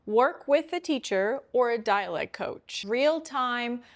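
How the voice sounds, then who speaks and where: A woman's voice: a little high, expressive, takes it slowly. A young woman giving a casual pronunciation lesson to camera, chatty and often checking in with the viewer as she explains. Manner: chatty, often checks in with "right?" and "you know". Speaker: English pronunciation coach.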